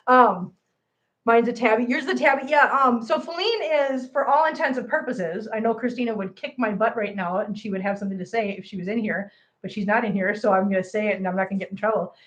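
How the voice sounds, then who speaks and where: Her voice is on the high side, a bit bright, and a little fast. Counting cat treats during a home livestream for her cat channel, she chats away and scolds her cats in a playful tone, heard from a distance in an echoey room with some faint noise.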